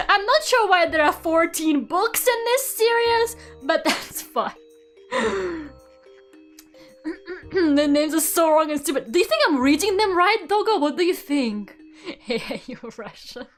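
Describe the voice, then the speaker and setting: Giggly high-voiced young woman streamer. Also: lively intonation, slow pace, fairly bright tone. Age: young adult. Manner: giggly and sarcastic, swears, stumbles over words. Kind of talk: casual chat and reading a book aloud. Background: faint background music.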